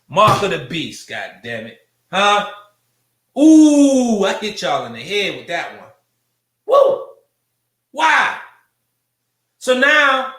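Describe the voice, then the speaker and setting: A man's voice: sits high, bright, forceful tone. Fiery, profane man preaching in an echoey room. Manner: preachy, profane, rhetorical questions and repetition. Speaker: show host. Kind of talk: fiery monologue commentary.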